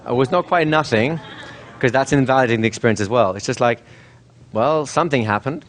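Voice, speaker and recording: A man teaching a hypnosis workshop in a seminar room, casual and brisk, often checking with the group. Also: medium pitch, a little hiss or hum. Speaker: hypnosis trainer.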